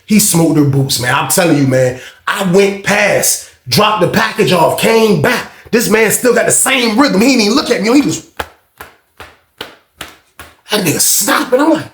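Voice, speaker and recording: A young man telling a casual storytime, animated and slang-heavy, swearing freely. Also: high voice, normal speed, reverberant.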